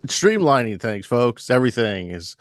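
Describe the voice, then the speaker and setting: A man co-hosting a podcast, chatting casually and riffing in a deadpan mock-announcer manner. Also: medium pitch, normal speed, no echo, clean studio sound. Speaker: podcast co-host.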